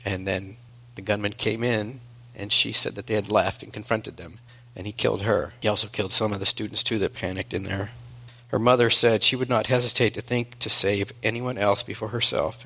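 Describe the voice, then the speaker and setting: A male preacher delivering a sermon in an earnest storytelling manner, moving between hushed and emphatic. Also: lowish voice, vocal fry, slightly rough.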